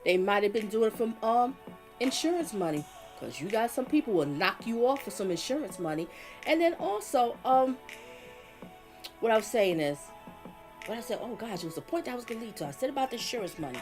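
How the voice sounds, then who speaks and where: A woman's voice: on the high side, sing-song, brisk, darkish tone, faint music behind. A woman giving casual live stream commentary, talking emphatically, repeating her points and reading viewer comments aloud.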